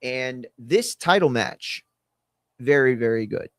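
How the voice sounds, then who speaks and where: A man's voice: mid-range voice, lively intonation, takes it slowly, a bit bright, no room sound. A man hosting a live watch-along, talking casually in a rambling way and often correcting himself mid-sentence. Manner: rambling, self-correcting, conversational. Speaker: host.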